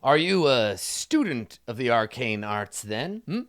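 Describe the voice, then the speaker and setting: A man playing a stern old male skeleton army commander who speaks in a gruff, measured, probing way. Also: mid-range voice, big pitch swings, fairly bright tone.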